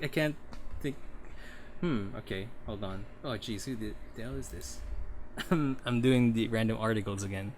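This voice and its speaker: A man's voice: fairly low pitch, moderate pace, darkish tone, a little hiss or hum. A man co-hosting a casual podcast chat, giggling often and stumbling over restarts. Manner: giggly, stammering with many restarts. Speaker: podcast co-host.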